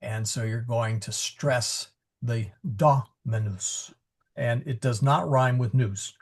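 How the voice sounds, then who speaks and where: A man's voice: mid-range voice, steady tone, slow pace. A man teaching Latin pronunciation in a live class over a video call, patiently explaining and correcting himself as he goes. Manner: patient, explanatory, self-correcting with frequent fillers.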